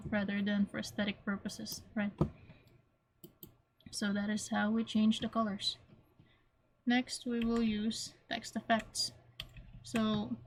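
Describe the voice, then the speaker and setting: A woman talks through a software lesson in an even, level voice that barely rises or falls. She explains each step plainly and circles back to repeat points, pausing now and then to clear her throat. A faint hum and soft mouse clicks sit under her voice. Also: mid-range voice. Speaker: teacher. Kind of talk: screen-recorded software tutorial.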